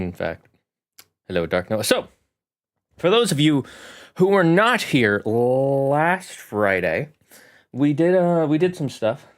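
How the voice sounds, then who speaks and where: A man hosts a casual live stream about preparing tabletop games. He talks in a chatty, animated, rambling way with a mid-range voice. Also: mid-range voice. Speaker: game master streamer.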